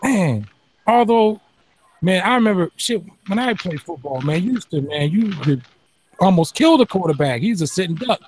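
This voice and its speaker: A man from the New York area, talking sports in an emphatic, animated, casual way with some swearing. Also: high voice, normal speed, slight background noise. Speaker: podcast panel host.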